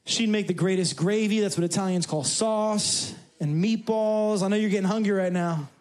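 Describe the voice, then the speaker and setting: A man's voice: high voice, normal speed, a little mellow. A male pastor from New York preaching a sermon in a conversational, humorous way, with asides to the congregation. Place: church service.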